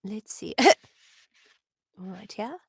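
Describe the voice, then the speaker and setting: A woman's voice: mid-range voice, takes it slowly, vocal fry, slightly rough, dry recording, studio quality. A voice actress with a New Jersey accent chatting casually with viewers on her livestream, bubbly and full of laughs and "like"s. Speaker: voice actor hosting a signing stream.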